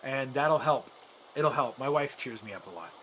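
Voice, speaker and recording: A man's voice: mid-range voice, animated, normal speed, fairly bright tone, a little hiss or hum. A man streaming a game and chatting earnestly with his viewers, rambling with frequent restarts. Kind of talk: casual chat with live viewers while gaming.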